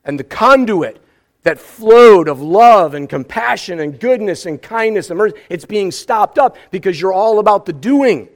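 A man with a high voice delivers a sermon from the pulpit. He preaches with animated energy and breaks into small acted scenes to bring scripture to life. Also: normal speed. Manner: animated, acts out scripture with exclamations. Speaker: pastor.

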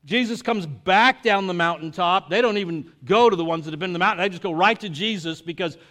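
A pastor with a high, fast voice preaches a conversational sermon, telling energetic stories and acting out quotes. He asks the congregation questions along the way.

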